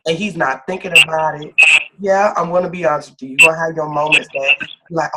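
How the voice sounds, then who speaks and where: Brief: higher-pitched male life coach, emphatic and repetitive, heavy background noise with clicks. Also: fairly even intonation, quick pace. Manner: emphatic, repeats phrases for stress. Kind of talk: supportive one-on-one talk.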